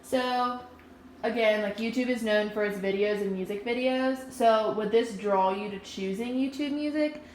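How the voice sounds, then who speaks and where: A woman's voice: fairly high pitch, moderate pace, a little hiss or hum. Young woman moderating a focus group. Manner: asks questions, rephrases answers back. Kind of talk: casual moderated discussion. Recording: roomy classroom recording.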